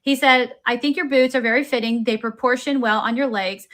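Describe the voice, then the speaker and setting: A woman's voice: on the high side, a little fast. A woman streamer reading text messages aloud in a casual commentary style, chuckling now and then. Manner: reads quoted messages in an even storytelling voice, with chuckles.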